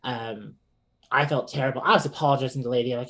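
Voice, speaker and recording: A man who is a podcast guest, telling a personal story in casual chat, animated and often laughing, with many fillers and restarts. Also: mid-range voice, fairly quick.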